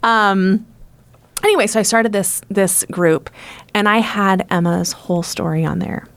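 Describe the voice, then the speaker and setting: A woman sits in as a guest on a casual podcast, recounting her experience in a low-pitched voice. She tells it as an animated story, slipping into the voices of the people she quotes. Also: normal speed, vocal fry. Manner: animated storyteller who acts out other people's lines. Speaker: supporter of parents through loss.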